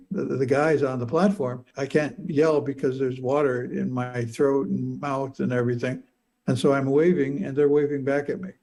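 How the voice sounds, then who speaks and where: Older man, gravelly and dark, halting personal storytelling with frequent repeats. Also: medium pitch. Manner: halting, repeats words, stammers. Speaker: speaker telling a near-death experience.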